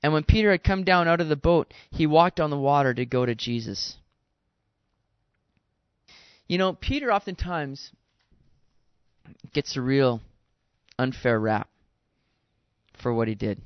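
A man, a pastor, giving a conversational sermon, animated and casual with slangy asides. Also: on the high side, moderate pace, long pauses, clean tone, dry recording, lo-fi sound.

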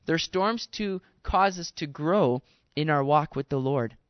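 A man, a pastor, giving a conversational sermon, animated and casual with slangy asides. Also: a little high, measured pace, no room sound, muffled recording.

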